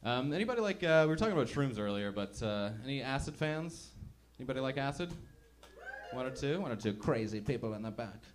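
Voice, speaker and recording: A man's voice: mid-range voice, very animated, fast talker. A man doing a stand-up comedy set in a club, chatty and self-mocking, acting out little voices as he goes.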